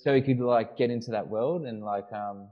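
A man's voice: mid-range voice, moderate pace, highs cut off. A man co-hosting a casual podcast, telling a long story with many restarts and fillers. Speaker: podcast co-host. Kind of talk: casual chat.

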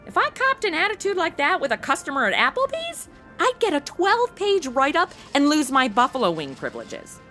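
A woman's voice: high-pitched, huge pitch swings, a little fast, pushed and bright, faint music behind. A woman giving sassy, wisecracking comedic commentary as a co-host. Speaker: comic co-host.

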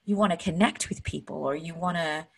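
Host, woman, earnest motivational monologue; husky, lowish voice, openly emotional. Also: fairly quick.

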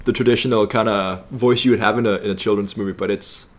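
A young man co-hosting a casual podcast, eager and halting, full of fillers and restarts. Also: fairly low pitch, steady tone. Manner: enthusiastic, halting, many fillers. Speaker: podcast co-host. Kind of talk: casual chat.

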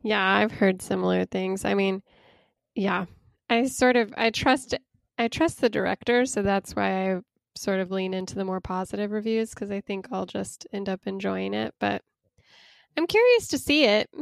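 A woman co-hosting a podcast in relaxed, easygoing chat, quick to laugh. Her voice is smooth and clear in a middle pitch. The recording is dry and close-miked. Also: no echo. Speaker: podcast co-host. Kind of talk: casual chat.

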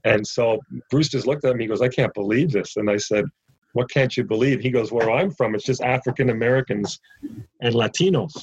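A man's voice: medium pitch, brisk, husky, no echo, dull audio. A man from Canada, a ministry founder, telling a story as an interview guest and acting out the quoted dialogue.

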